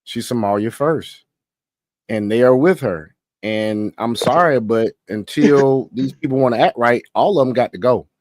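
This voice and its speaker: A man's voice: medium pitch, unhurried, dry recording. Blunt male stream host, dry sound. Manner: blunt, animated reactions. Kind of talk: political commentary stream.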